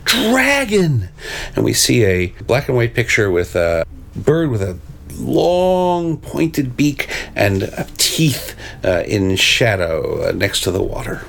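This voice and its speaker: A man reading a storybook aloud, pausing to describe its pictures with hesitant asides between the expressive narration. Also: on the low side, vocal fry.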